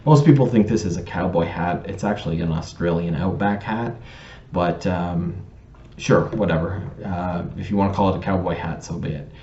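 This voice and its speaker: A man's voice: sits low, normal speed, mellow, slight background noise. A man from Canada tells a personal story to camera in a pedantic, digressive way, with lots of ums and restarts. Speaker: vlogger telling a personal story. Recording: roomy, slightly dull recording.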